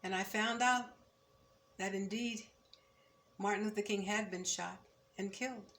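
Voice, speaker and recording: An older woman in her seventies recalling her student years in a measured, reflective oral-history telling, turning firm when she speaks of injustice. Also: mid-range voice, steady tone, fairly bright tone, a little hiss or hum. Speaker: former student recounting memories.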